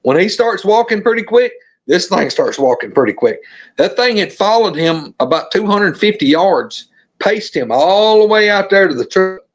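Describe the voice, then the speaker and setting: Middle-aged man from Alabama, Southern accent, high-pitched, animated storytelling podcast guest. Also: moderate pace, dull audio. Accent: Southern American. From Alabama, USA. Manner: animated, acts out the scenes.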